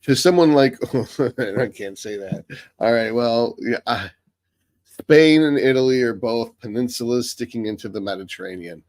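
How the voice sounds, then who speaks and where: A man's voice: mid-range voice, moderate pace, a little mellow, no room sound. An American man hosting a live Q&A stream, reading viewer questions aloud and answering them bluntly with a lot of swearing. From United States.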